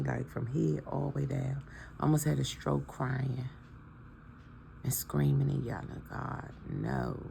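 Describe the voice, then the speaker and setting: A woman's voice: very deep voice, vocal fry, warm tone, slight background noise. A woman in her fifties talking to her followers in a casual, heartfelt and preachy way, emotional about her family. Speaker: vlogger. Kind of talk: casual heartfelt talk to camera.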